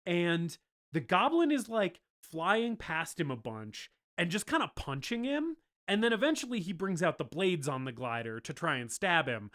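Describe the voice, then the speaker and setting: A man co-hosting a movie podcast chats casually and performs scenes from the film in voices. He has a high-pitched, fairly bright voice with big swings in pitch, delivered at a moderate pace.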